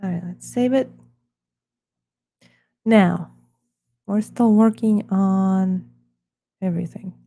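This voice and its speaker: A woman talks slowly and loosely to herself while she works on a live stream, drifting between murmured asides and rambling chat. Her voice is mellow and dark, close to the mic in a dry, dead room. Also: mid-range voice, gravelly, no echo.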